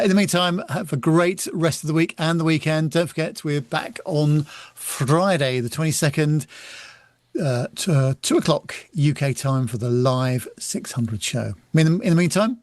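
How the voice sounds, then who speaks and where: Higher-voiced man signing off a podcast. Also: normal speed, dry recording. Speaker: podcast host. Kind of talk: casual chat and show sign-off.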